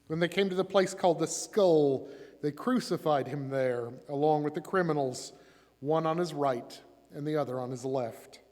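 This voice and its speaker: A man giving a dramatic scripture reading in a church, changing his voice and loudness to bring the quoted speakers to life. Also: on the high side, moderate pace, in a large hall. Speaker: church reader. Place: church sanctuary.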